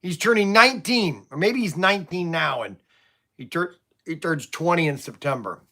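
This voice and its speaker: The toy shop owner, a middle-aged man from Ohio, stammers and restarts often while venting about frustrations and telling rambling stories on a livestream. His voice runs on the high side, animated, pushed and bright, at a normal speed.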